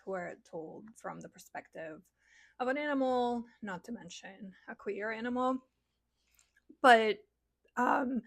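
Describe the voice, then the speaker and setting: A woman chatting about books she adores, her voice enthusiastic and gushing as she wanders from thought to thought. Her pitch sits in an ordinary middle range, and the recording is close and dry with no room sound. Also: no echo. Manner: enthusiastic, gushing, loose and rambling. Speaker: book reviewer. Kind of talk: casual book recommendation vlog.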